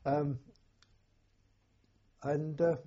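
An elderly man recalling his war years, halting and repeating words as emotion rises. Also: on the high side, level tone, mellow, slightly rough. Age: older. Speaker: war veteran interviewee. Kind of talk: personal recollection. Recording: dull lo-fi recording.

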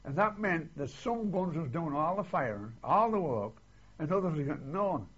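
A man's voice: fairly high pitch, animated, normal speed, a bit bright, breathy edge, lo-fi sound. An older man, recalling his war service in a rambling way and often ending lines with "see", on an old archival recording. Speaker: war veteran interviewee. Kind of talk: oral history recollection.

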